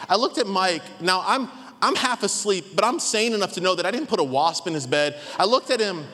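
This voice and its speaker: A man's voice: sits high, a little fast. A man in his thirties preaching a sermon as a pastor, telling a story and acting out the voices in it. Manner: animated, acts out voices in his stories. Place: large church hall. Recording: long hall reverb.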